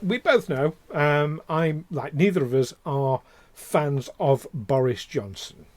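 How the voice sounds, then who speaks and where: A man's voice: fairly high pitch, expressive, takes it slowly, darkish tone. A man co-hosting a podcast, talking casually with passion and many fillers and restarts. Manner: impassioned, ranting, lots of fillers and restarts. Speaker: podcast co-host.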